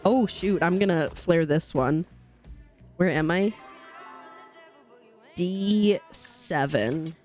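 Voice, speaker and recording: A woman's voice: lowish voice, unhurried, a little mellow, soft background music. Chatty giggly woman streaming a game. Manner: chatty, giggly, talks to chat. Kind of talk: casual live-stream chat while gaming. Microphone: desk microphone.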